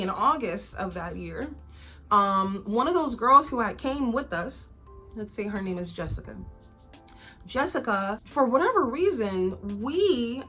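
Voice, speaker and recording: A woman in her twenties tells a personal story vlog-style, her medium-pitched voice carrying a sharp edge. She's candid and chatty, with plenty of filler words and swearing.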